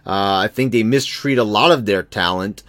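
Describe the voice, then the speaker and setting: A man's voice: fairly low pitch, moderate pace, fairly bright tone, no room sound, studio quality. A man ranting casually about wrestling in a rambling, profane way, full of restarts and fillers. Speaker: wrestling commentary vlogger. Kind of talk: casual opinion rant.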